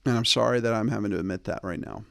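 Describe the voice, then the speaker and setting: A man's voice: very fast, creaky, dry recording. A male host giving blunt, bossy dating advice in a casual monologue, close to the mic. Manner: blunt, bossy, mocks texts in a high put-on voice.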